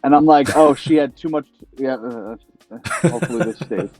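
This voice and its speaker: A young man hosting a casual chat, telling lively anecdotes and acting out the voices of people he quotes. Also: mid-range voice, moderate pace, music in the background. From United States. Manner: animated storyteller, acts out quoted voices. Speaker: podcast host.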